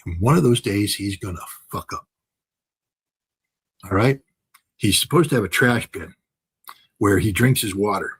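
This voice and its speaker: A man's voice: on the low side, measured pace, long pauses, a bit bright, husky, poor audio. An older man giving impassioned commentary, talking emphatically with many fillers, restarts and repetitions.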